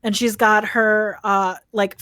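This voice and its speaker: A woman player in a tabletop role-playing game, talking through her scene in a loose, rambling way. Her voice is mid-pitched, and the recording is dry and close. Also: little pitch movement, slow pace, sharp tone, no room sound. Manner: casual, rambling, with fillers. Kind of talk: casual narration in a tabletop game.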